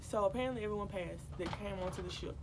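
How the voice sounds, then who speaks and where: A woman's voice: mid-range voice, fast. A young woman vlogging casually to her viewers from a cruise ship, chatty and worked-up, calling them y'all. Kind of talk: casual direct-to-camera vlog. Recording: noisy ship background.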